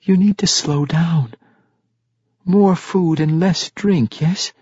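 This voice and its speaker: An actor reading an audiobook, voicing a gentle young halfling who pleads with his father. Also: fairly high pitch, slow, slightly rough, dry recording, lo-fi sound, voice pushed up. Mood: pleading. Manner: pleading, forced cheerfulness.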